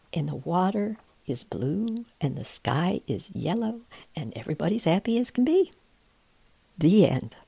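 A middle-aged woman reading picture books aloud, gently describing the pictures in a soothing, often hushed voice. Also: fairly low pitch, gravelly, slightly rough, no room sound. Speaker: reader of children's books.

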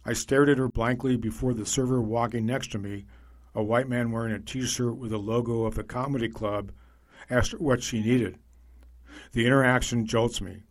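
A man narrating a magazine feature in a measured, scripted reading voice. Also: mid-range voice, steady tone.

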